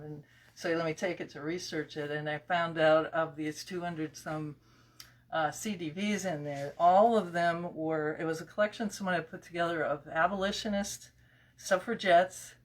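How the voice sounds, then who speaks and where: A man's voice: a little high, fairly even intonation, moderate pace. Guy in a mask chatting about old stuff he found, muffled, a bit far off the mic, lots of um and you know. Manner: rambling, with many fillers and restarts. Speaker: collector and estate seller. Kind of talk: casual interview chat.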